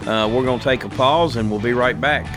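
A man's voice: medium pitch, a little fast, loud music behind the voice. A man hosting a sports radio talk show, chatting in an easygoing way and chuckling between remarks.

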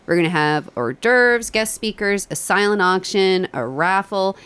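A woman's voice: mid-range voice, lively intonation, unhurried, a bit bright, clean tone. A woman guest on a radio show, upbeat and promotional, listing the details of a fundraiser. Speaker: guest from a library group. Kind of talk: announcing an event on radio.

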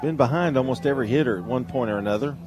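A man calling a high school baseball game on radio, chatty and joking between pitches. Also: rapid-fire, noisy background. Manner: chatty, jokey, tells stories between pitches. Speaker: play-by-play announcer.

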